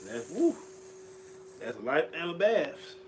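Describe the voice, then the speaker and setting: Brief: easygoing man co-host, agreeable, low-key, with a faint hum behind him. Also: sing-song, measured pace, poor audio. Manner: agreeable, laid-back, adds short affirmations. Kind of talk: casual spiritual chat.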